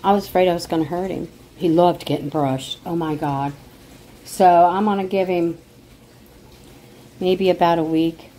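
Low-voiced emotional woman vlogging at home. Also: fairly even intonation, moderate pace, long pauses, dark tone, slight background noise, poor audio. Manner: rambling, emotional and indignant. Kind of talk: casual chat to camera.

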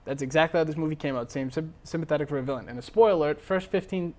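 Fast-talking man co-hosting a debate. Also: a little high, darkish tone. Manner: quick, joking, sarcastic. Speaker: co-host. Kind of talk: casual debate chat.

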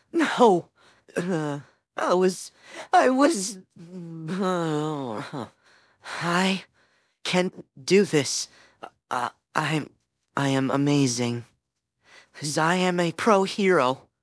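A woman's voice: low-pitched, no room sound, studio quality, exaggerated voice. A woman voicing a flustered teenage boy hero-in-training, rambling anxiously and talking himself up in a listener role-play. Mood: frustrated. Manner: rambling, anxious, self-encouraging.

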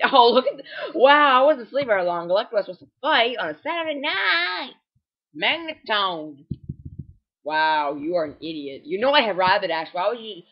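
Young male gameplay commentator: lively, excitable, rambling, voice cracks, lo-fi home mic. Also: high voice. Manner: excitable, rambling, many fillers and self-corrections; prone to sudden voice cracks. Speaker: game walkthrough commentator.

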